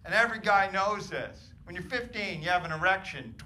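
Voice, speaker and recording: A middle-aged man doing a profane stand-up comedy set in a club, ranting with loud punchlines. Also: sits high, expressive, brisk. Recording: noisy live club recording. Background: audience laughter.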